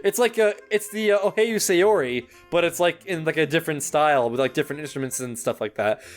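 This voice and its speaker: A young man playing through a visual novel, reacting in an animated, flustered way with frequent laughs and swearing. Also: on the high side, fairly quick, faint music behind. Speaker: gaming YouTuber. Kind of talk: visual novel playthrough commentary.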